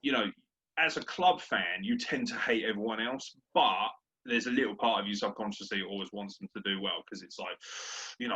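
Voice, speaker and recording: A man's voice: lowish voice, brisk, bright, forceful tone, breathy edge. A young man, a podcast co-host in casual sports chat, brash, sweary and ranting. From Britain. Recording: dull lo-fi audio.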